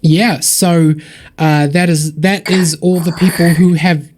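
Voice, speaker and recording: A man's voice: a little high, steady tone, slow pace, darkish tone. Upbeat man hosting a charity stream. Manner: upbeat, rambling, thankful. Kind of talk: casual livestream donation shout-outs.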